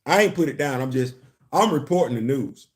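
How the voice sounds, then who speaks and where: Animated man hosting a comics talk stream. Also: medium pitch, brisk. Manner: animated, repeats words, laughs and chats with viewers. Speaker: commentary channel host. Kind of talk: casual live-stream commentary.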